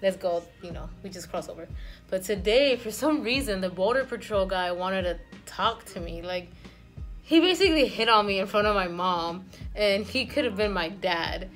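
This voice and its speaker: A young woman in her twenties talks to her camera in an easy, rambling vlog style, full of fillers and small laughs. Her voice sits right in the middle of the female range. Faint music plays quietly behind her. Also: medium pitch, expressive, normal speed. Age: 20s. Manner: rambling, chatty, laughs easily. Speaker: vlogger. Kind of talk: casual vlog chat.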